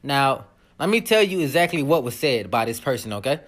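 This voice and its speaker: A woman giving casual commentary on a vlog, animated and profane, laughing often as she rants. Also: extremely low pitch, a little fast. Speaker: vlogger.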